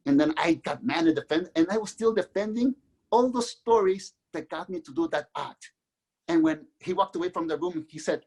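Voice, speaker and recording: Husky earnest man telling his story. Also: on the high side, darkish tone. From Mexico. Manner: earnest, halting with restarts. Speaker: guest author. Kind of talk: candid personal storytelling.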